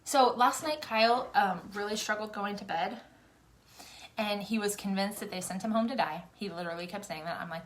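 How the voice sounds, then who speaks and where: A young woman rambles to her viewers while she does her makeup, venting and chatting with plenty of fillers. Her voice sits at an ordinary middle pitch. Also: moderate pace, fairly bright tone. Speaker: makeup vlogger. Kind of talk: casual chatty livestream.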